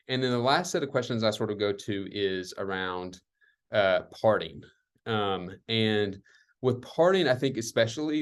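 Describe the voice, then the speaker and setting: A man speaking on an online community call, reflective and loose, with many fillers like "um" and "like". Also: on the low side. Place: worked at retreat centers.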